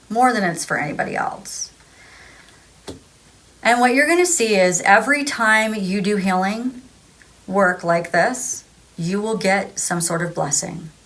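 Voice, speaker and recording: A woman's voice: medium pitch, fairly bright tone. A woman vlogger talking casually about emotional healing, rambling with many fillers and acting out little voices. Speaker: spiritual vlogger. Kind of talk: casual spiritual advice talk.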